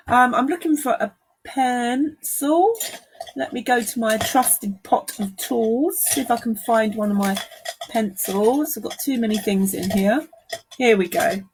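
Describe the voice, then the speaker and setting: A London-accented watercolour teacher gives a live-streamed painting lesson from her art studio, chatting and greeting viewers as she works. Her voice is on the high side, expressive and unhurried, with a little hiss or hum.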